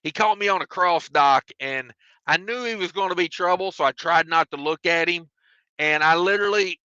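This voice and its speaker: A man's voice: on the high side, pushed and bright, no echo, lo-fi sound. A man, a trucker chatting on his live stream from his truck cab and reading out viewer comments with jokes. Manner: drawling, joking, self-mocking.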